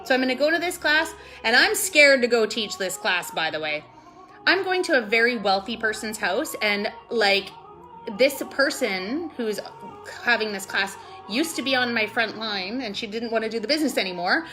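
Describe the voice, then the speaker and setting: A woman's voice: fairly high pitch, expressive, moderate pace, soft background music. A woman vlogging casually to her business team, gushing and rambling with lots of "like" and "totally", sometimes close to tears. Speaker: network marketing vlogger. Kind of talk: casual motivational vlog.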